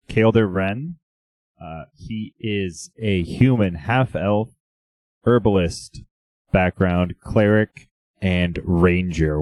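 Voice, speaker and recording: Low-voiced guy at the game table, friendly and easygoing, takes his time. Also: a little mellow, no room sound. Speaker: player. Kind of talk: casual tabletop podcast chat.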